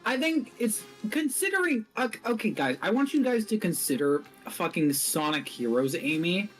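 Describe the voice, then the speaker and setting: A man hosting a game stream in casual chat, animated, swearing constantly and laughing through his lines. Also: high-pitched, moderate pace, faint music behind. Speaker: streamer and host.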